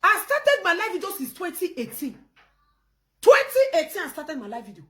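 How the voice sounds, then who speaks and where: A woman with a Nigerian Pidgin English accent, hosting a casual live stream, animated and laughing, with loud outbursts between quiet phone chat. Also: very high-pitched, quick pace.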